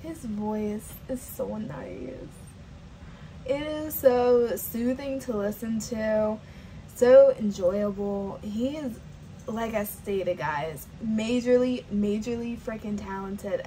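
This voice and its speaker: A woman's voice: mid-range voice, takes it slowly, warm tone, slight background noise, poor audio. A woman hosting a reaction video, gushing emotionally and fighting back tears as she comments. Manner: emotional, gushing, repeated exclamations.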